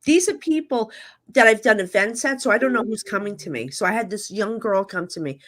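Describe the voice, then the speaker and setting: This guest, a middle-aged psychic medium from New Jersey, talks fairly quickly in an expressive, mid-range voice. In relaxed chat, she recounts emotional stories with candor and lots of filler words.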